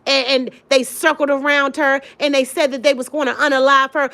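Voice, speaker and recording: A woman's voice: high-pitched, brisk. Emphatic woman hosting a livestream. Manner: emphatic, animated, addressing viewers by name; colloquial, repeats points for emphasis. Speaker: livestream host. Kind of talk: casual livestream chat reading comments.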